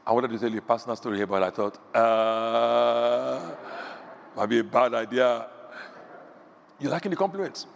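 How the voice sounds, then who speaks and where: A man's voice: mid-range voice, flat delivery, normal speed, vocal fry. A middle-aged man preaching a sermon, telling stories with animation and acting out the voices he quotes. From Nigeria. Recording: echoey hall, faint background hum.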